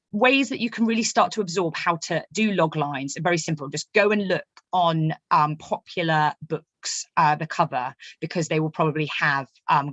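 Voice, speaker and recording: A woman gives a writing workshop at a quick, chatty clip, full of fillers and asides. Her voice sits low for a woman. It is recorded close and dry, with no room sound. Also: fairly bright tone, dry recording. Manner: fast, chatty, many fillers. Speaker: novelist leading a writing workshop. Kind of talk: online workshop talk.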